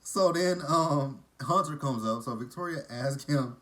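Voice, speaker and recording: A man's voice: mid-range voice, measured pace, a bit bright. A man casually recapping a TV episode, with blunt, profane and mocking asides. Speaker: TV episode reviewer.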